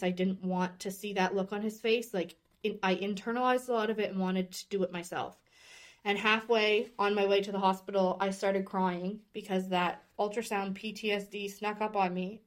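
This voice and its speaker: A woman in her thirties, a podcast guest, candidly telling a personal story with open emotion. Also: medium pitch. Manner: earnest and openly emotional, speaking candidly.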